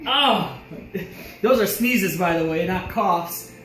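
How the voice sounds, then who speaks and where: A man's voice: sits high, measured pace, fairly bright tone, slight background noise. A man sneezing and tearing up between exclamations while vlogging at home. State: sneezing, teary-eyed. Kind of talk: casual home vlog. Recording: echoey room.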